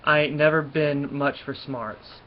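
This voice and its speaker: A man's voice: a little high, fairly even intonation, unhurried, a little hiss or hum, natural voice. A man reading as a defiant young brawler. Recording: dull lo-fi recording.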